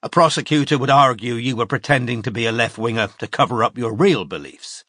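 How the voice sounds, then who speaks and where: A man voicing a businesslike male detective who questions calmly and without sympathy. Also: mid-range voice, fairly quick, dry recording, studio quality, natural voice. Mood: remorseless. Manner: calm, unsmiling, remorseless.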